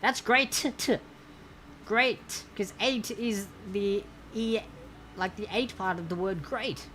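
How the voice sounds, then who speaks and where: A woman's voice: mid-range voice, slow pace, a bit bright, slight background noise. A woman hosting a live-streamed trivia quiz, chatty and playful, laughing often and reading questions to players.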